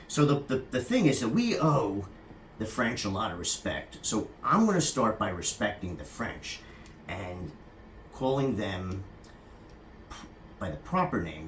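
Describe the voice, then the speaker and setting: A man from California gives a crude, rambling, jokey comic monologue about hygiene, chatting to the person filming and often calling the camera operator by name. His voice is mid-range, and the room is echoey with a little hiss or hum.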